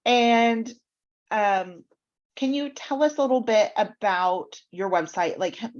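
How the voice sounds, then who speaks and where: A woman's voice: mid-range voice, takes it slowly. Woman teaching on a lo-fi call. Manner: explanatory, with frequent ums. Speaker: mentor reviewing websites. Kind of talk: online workshop teaching.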